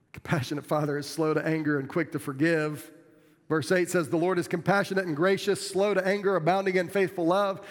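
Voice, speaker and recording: A middle-aged man delivers a sermon from the pulpit, earnest and plainspoken, poking fun at himself. His voice sits a touch high for a man. The sound rings with the long reverb of a large church sanctuary. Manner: earnest, plainspoken, self-deprecating with laughs. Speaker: pastor.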